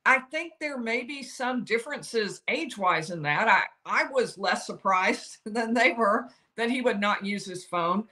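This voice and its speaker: An older woman, her voice on the high side, talks at a measured pace with few pauses as she offers solo legal analysis, setting out each side's case and quoting counsel with spirited emphasis.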